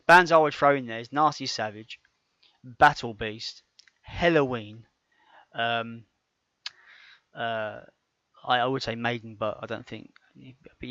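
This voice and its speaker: A man's voice: medium pitch, sharp tone, no echo. A man co-hosting a podcast, talking casually and enthusiastically with many restarts. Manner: rambling, stumbling restarts, enthusiastic. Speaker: podcast co-host. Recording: dull dry lo-fi podcast audio.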